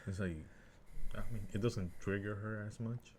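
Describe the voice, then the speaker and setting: A young man co-hosting a podcast in casual chat, reacting quickly with short interjections before telling his own story. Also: lowish voice, steady tone, a little mellow, slight background noise. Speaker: podcast co-host.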